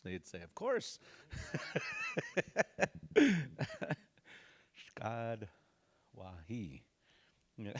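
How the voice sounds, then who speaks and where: A man teaching a language class in a relaxed way, repeating phrases slowly and making jokey asides. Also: fairly low pitch. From Dakota community.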